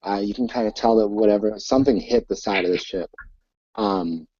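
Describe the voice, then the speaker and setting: A man narrating a tabletop game as game master, halting and full of fillers. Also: fairly low pitch, mellow, dry recording. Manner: hesitant, many fillers. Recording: dull lo-fi recording.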